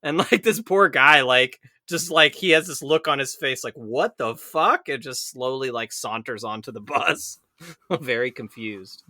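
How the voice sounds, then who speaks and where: Podcast co-host, male, very bright tone, dry close sound, rambling storyteller. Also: mid-range voice, a little slow, no room sound. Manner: rambling, many "like" fillers, laughs while telling. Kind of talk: casual storytelling chat. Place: San Francisco bus commuter.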